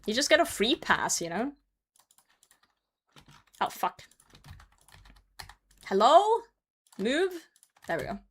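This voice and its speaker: A woman's voice: mid-range voice, very animated, unhurried, pauses often, a bit bright, breathy edge. A woman streaming a game, chatting casually with her chat, teasing viewers, laughing often and swearing freely. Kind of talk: casual livestream chat while gaming.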